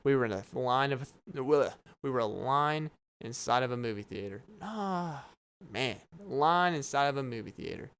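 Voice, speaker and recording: Casting: young male podcast host, smooth clear voice, rambling jokey late-night monologue. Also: mid-range voice, animated, unhurried, a bit bright. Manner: rambling, joking, laughing asides. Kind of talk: casual solo podcast monologue. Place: home at night, downstairs apartment.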